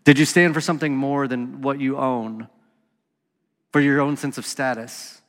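A man's voice: mid-range voice, steady tone, normal speed, in a large hall. A man hosting a reflective Bible study talk, reading scripture passages aloud in an earnest voice with casual asides. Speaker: podcast host teaching on scripture.

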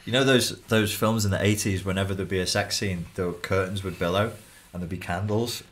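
A man from Liverpool with a Liverpool accent, a coach chatting casually on a podcast and telling stories with lively acted-out voices. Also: sits low, brisk. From Liverpool, England. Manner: animated storyteller, acts out voices.

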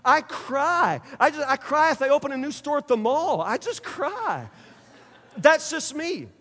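A middle-aged male pastor delivering a sermon, emphatic and repetitive, swinging between loud and soft. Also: very high-pitched, in a large hall. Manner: emphatic preaching, repeats phrases, sudden loud and soft turns.

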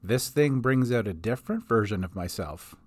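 A man voicing an older grandmother and former adventurer, speaking low and fondly. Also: expressive, moderate pace, no room sound. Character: old woman, a grandmother and retired adventurer, warm and wistful.

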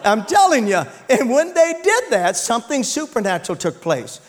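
Speaking at a moderate pace in an extremely high voice, a male pastor gives a lively sermon, recounting scripture, shouting and asking the congregation for amens.

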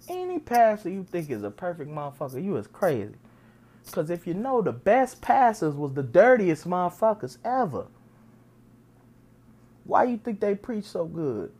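A woman's voice: fairly low pitch, darkish tone. A woman hosting a podcast, delivering a blunt, heated, profane comedic rant that keeps repeating her points. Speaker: podcast host.

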